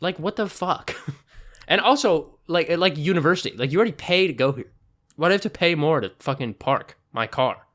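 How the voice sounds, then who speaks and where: A young man co-hosting a podcast in casual chat, animated and swearing often as he tells stories. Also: a little high. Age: young adult. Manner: animated, swears a lot, quick storytelling. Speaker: podcast co-host.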